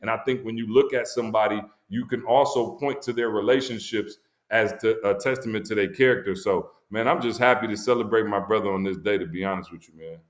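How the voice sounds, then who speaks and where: On a launch stream, a male guest speaker with a lowish voice talks quickly in a reverberant space. He tells a heartfelt story about a friend in an emphatic, slangy way, his voice climbing when he gets excited.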